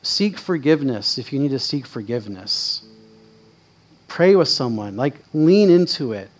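A man preaching a conversational sermon at a church service, casual and direct, with quick asides. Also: medium pitch, animated, faint music behind.

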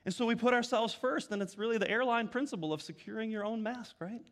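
Male pastor, middle-aged, high-pitched, conversational sermon storyteller. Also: quick pace, fairly bright tone, in a large hall. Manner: conversational storytelling with many restarts.

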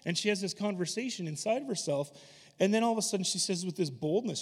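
A man preaching a sermon, animated and emphatic, slipping into voices when he retells scripture. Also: sits high, fast talker, breathy edge. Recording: long hall reverb.

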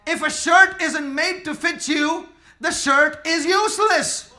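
A man preaching a sermon emphatically, using call and response, swinging between quiet talk and shouting. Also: very high-pitched, takes it slowly. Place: church with congregation.

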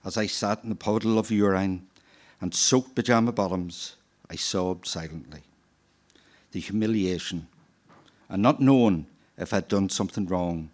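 A man telling a true story from his own life at a live storytelling event, in a measured, reflective way, voicing the people in it as he goes. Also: deep voice, darkish tone.

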